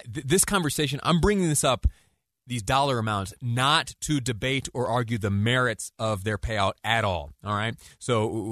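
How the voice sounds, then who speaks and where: A man's voice: mid-range voice, fairly bright tone, no echo, studio quality. A man hosting a talk radio show, introducing a guest and asking questions with many restarts and fillers.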